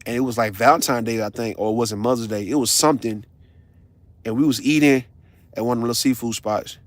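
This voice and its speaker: A man, ranting on a casual livestream in a blunt, profane, animated storytelling way. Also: medium pitch, fast, no echo. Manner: blunt, confrontational.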